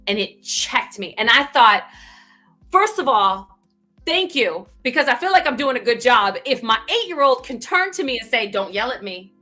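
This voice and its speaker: A woman speaking candidly as a guest, telling a personal story in an animated way and often tagging "right?" at the end of a thought. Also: high voice, moderate pace, soft background music. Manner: animated, frequent "right?" tags, bursts of laughter.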